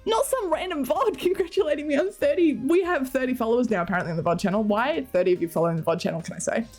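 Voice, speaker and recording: A woman's voice: high-pitched, animated, rapid-fire, a little mellow, faint music behind. A woman streamer chatting casually and giggling as she reads chat and talks to her cats.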